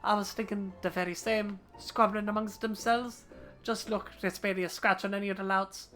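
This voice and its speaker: A woman's voice: medium pitch, steady tone, a little fast, fairly bright tone, natural voice. A wry male rogue full of old slang, cocky and knowing, as a woman reads him aloud. Faint game music plays behind him. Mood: sly. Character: slangy roguish male thief, sly and wry.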